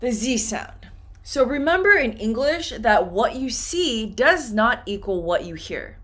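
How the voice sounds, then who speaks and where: A woman teaching English pronunciation, repeating each word slowly and clearly for her students. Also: fairly high pitch, sing-song, a bit bright. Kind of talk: slow, deliberate pronunciation lesson.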